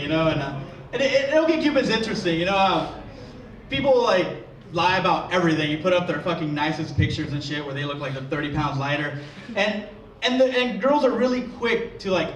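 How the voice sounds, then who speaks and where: A man's voice: high voice, animated, fairly quick, slight background noise. A young man performing a crude, self-deprecating stand-up routine, full of swearing, to a live audience. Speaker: stand-up comedian. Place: live comedy venue with audience. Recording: echoey room, distant mic, crowd laughter.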